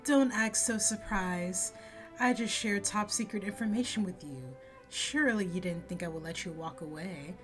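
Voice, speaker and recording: A woman's voice: mid-range voice, moderate pace, soft background music, natural voice. A woman reading as a cool teasing spy. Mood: sly.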